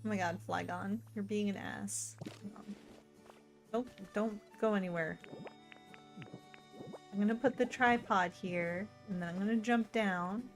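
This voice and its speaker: A woman in a casual let's-play stream talks to her in-game companions. She is chatty and excitable, and she swings between gushing and muttered grumbling. Soft game music plays faintly behind her voice. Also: medium pitch, measured pace, pauses often. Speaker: gaming streamer.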